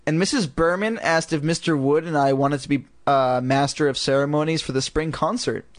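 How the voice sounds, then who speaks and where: Man reading as a sulky young girl, sarcastic, a bit high. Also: brisk, dry recording, natural voice.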